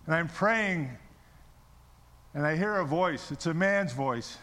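A man's voice: on the high side, animated, slow, a bit bright, big-room sound. A middle-aged man preaching a sermon, telling his own story and asking the congregation questions. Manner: storytelling, repeats words, asks the audience questions. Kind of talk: sermon testimony.

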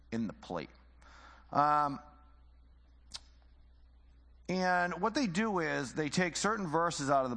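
A man's voice: mid-range voice, fairly bright tone, long reverb tail. A man teaching the Bible informally, conversational and full of rhetorical questions and repeated phrases.

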